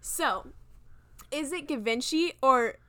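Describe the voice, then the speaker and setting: A woman's voice: sits high, animated, slow pace, sharp tone, no room sound. A young woman co-hosting a podcast from home in casual chat. She giggles often and fills her talk with "like.". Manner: giggly, chatty, many "like" fillers. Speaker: podcast co-host. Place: room at home.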